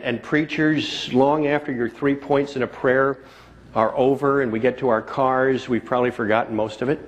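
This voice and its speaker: Male keynote speaker, mid-pitched, story-driven, repeats points for effect, faint noise in the recording. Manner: storytelling, repeats key phrases for emphasis. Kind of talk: motivational keynote speech. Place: conference hall before a live audience.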